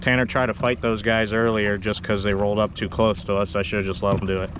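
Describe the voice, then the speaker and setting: Furious man shouting on a boat. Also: lowish voice, level tone, fairly quick, background noise. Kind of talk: live outdoor clip on a boat. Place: boat on the water outdoors.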